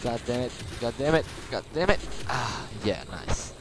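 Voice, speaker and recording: A man's voice: mid-range voice, lively intonation, normal speed. A man commentating his own gameplay, frustrated and swearing at the boss he is fighting. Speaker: gamer. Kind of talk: let's play commentary. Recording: faint game music behind.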